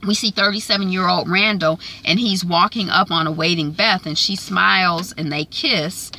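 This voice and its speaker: Bright-voiced woman recapping a TV episode. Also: on the low side, fairly even intonation, moderate pace. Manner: retells scenes and quotes characters in her own voice, with fillers. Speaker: TV recap host.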